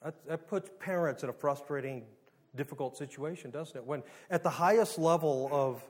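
A male pastor in middle age delivers a sermon, his voice sitting high for a man. He talks in a chatty way, throws questions at the congregation, and sometimes jumps suddenly louder. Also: normal speed. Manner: conversational preaching with rhetorical questions and sudden rises in volume.

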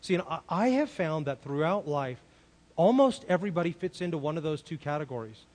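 A man's voice: on the high side, lively intonation, fairly quick, a little mellow. A man preaching a sermon in an earnest way, often asking the listeners rhetorical questions. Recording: long reverb of a large hall.

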